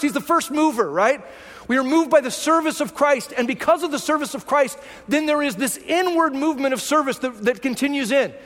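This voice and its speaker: A man with a very high voice preaching a sermon in a church sanctuary. He talks conversationally and keeps putting rhetorical questions to the congregation. A long reverb trails after every phrase. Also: fairly bright tone. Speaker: pastor.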